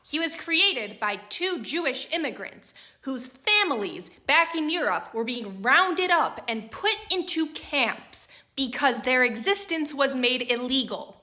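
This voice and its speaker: A woman's voice: high voice, lively intonation, a little slow, bright, forceful tone. A woman giving short sarcastic commentary, mocking a view and then answering it bluntly.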